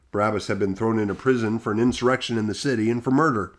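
Man steadily reading scripture aloud. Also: on the low side. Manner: steady measured reading, quotes lightly voiced. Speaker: scripture reader. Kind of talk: Bible reading.

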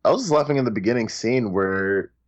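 A man reviewing a movie in casual chat, blunt and slangy, with quick asides. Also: on the low side, dull audio.

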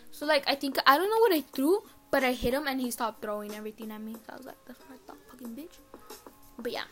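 A woman's voice: high voice, fast talker, sharp tone. A teenage girl chatting alone on her podcast from her bedroom, rambling and swearing casually. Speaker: podcast host. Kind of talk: casual solo podcast chat.

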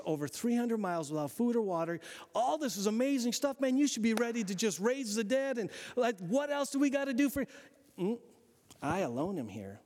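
Animated pastor preaching in a reverberant hall. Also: male voice, a little high. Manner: animated, conversational preaching with rhetorical questions. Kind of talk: sermon.

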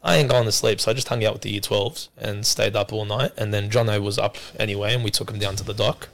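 A man hosting a casual podcast, hoarse after losing his voice, joking and lively. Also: lowish voice, fast talker. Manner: joking, animated storyteller. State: hoarse from lost voice. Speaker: podcast host. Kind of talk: casual chat.

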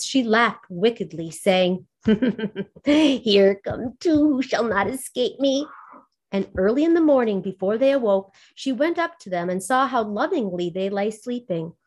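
A woman's voice: a little high, animated, normal speed, darkish tone. Woman reading a fairy tale aloud. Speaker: storyteller.

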